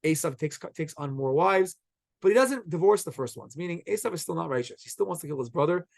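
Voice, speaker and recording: Animated man teaching a Torah class. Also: fairly high pitch, vocal fry, no room sound. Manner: animated, quotes characters in quick acted voices. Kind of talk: lively storytelling class.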